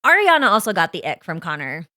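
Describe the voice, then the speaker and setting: A woman co-hosting a podcast in casual chat, expressive and reacting loudly with groans and exclamations. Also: on the low side, quick pace, no echo, clean studio sound. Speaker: podcast co-host.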